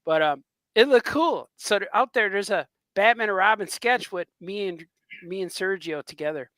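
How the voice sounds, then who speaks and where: A man, a cartoonist co-hosting a podcast, chatting casually and telling rambling, excitable stories, often laughing as he talks. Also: high voice, moderate pace, no echo. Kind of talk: casual chat, storytelling.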